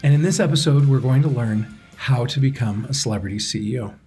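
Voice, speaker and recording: A man hosting a business podcast, reading a scripted intro and asking interview questions in a measured, steady way. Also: medium pitch, faint music behind. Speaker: podcast host.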